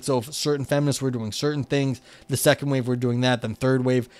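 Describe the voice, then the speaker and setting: A man with a New York accent hosts a livestream. He moves between reading dense academic text aloud and loose, filler-heavy chat with his viewers. His voice sits at an ordinary middle pitch, recorded dry and close. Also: a little mellow, no room sound. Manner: reads academic text then chats loosely with many fillers. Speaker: livestream host reading a paper.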